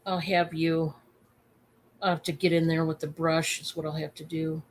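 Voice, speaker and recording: A woman hosting a casual live-stream sale, chatty and excitable, with many fillers. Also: low voice, normal speed.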